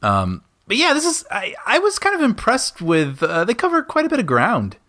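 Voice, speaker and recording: Lively man in chatty film commentary. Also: sits high, normal speed, no echo, studio quality. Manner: lively, laughs often, conversational. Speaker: podcast co-host. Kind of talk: casual film commentary chat.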